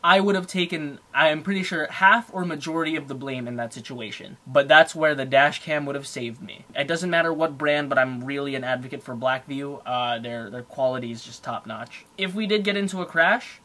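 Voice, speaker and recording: A young man telling a story in a casual, heated rant, full of fillers. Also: mid-range voice. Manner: animated, heated, fast with fillers. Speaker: car vlogger.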